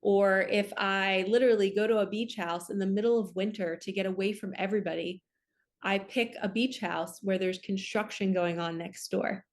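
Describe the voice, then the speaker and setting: A woman, a spiritual coach talking earnestly and emotionally to her viewers in a casual monologue. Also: medium pitch. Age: 40s. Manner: earnest, emotional, many "oh my gosh" and "like" asides. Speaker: spiritual coach and channel host. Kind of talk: casual heartfelt monologue to camera.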